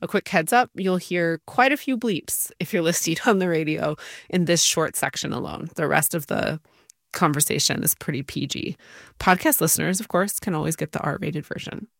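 Gravelly host introducing a reading. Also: medium pitch, moderate pace, fairly bright tone, no room sound, clean studio sound. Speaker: radio host. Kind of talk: introducing a segment.

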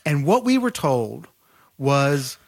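A man's voice: fairly high pitch, sing-song, takes it slowly, gravelly. A man being interviewed as an author, telling a historical story in vivid, detailed bursts. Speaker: author guest. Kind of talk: podcast interview.

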